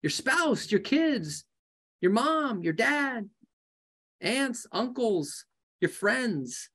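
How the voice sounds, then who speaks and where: A man coaching a live group of real estate agents in a lively, joking way, often acting out conversations. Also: very high-pitched, drawn-out words. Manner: animated, jokey, acts out conversations.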